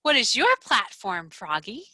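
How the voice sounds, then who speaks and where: A patient schoolteacher from a children's picture book speaks in a gentle, coaxing way. Her voice is a bit high and bright, with a woman acting her out, and the sound is dry. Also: big pitch swings, a little slow, no echo, exaggerated voice.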